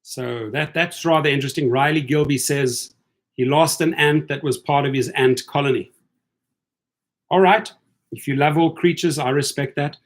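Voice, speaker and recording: The voice is a man's, fairly high in pitch, at a moderate pace. Hosting a relaxed stream aimed at rideshare drivers, he reads viewer comments aloud and chats with them loosely and wearily. He's talkative, says things more than once, and addresses viewers directly.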